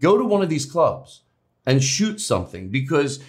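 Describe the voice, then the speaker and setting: A male comedian as an interview guest, talking in rambling, animated bursts with restarts and swearing. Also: fairly high pitch, moderate pace. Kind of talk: casual interview chat.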